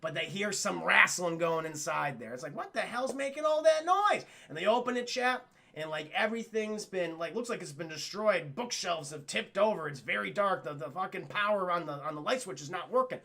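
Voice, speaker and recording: A man's voice: sits high, brisk, gravelly, bright, forceful tone. A man streaming a profane, rambling recap of a cartoon episode and talking to his chat.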